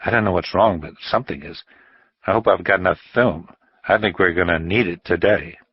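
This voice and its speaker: A man reading an audiobook and voicing a photographer who speaks quietly and uneasily. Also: deep voice, a little fast, slightly rough, muffled recording. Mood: uneasy.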